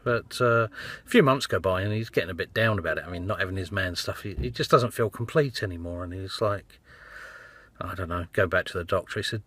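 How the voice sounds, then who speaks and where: Casting: man, joke teller, bright husky voice, meandering and self-interrupting delivery, dry close sound. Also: deep voice, a little fast, no echo. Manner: rambling, self-interrupting, chuckling storyteller. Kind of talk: casual joke telling.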